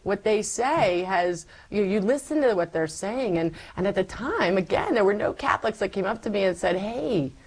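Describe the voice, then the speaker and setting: A woman's voice: medium pitch, animated, normal speed, few pauses, husky, rough recording. A woman, an interview guest, giving a personal faith testimony and acting out her own past words as she tells it.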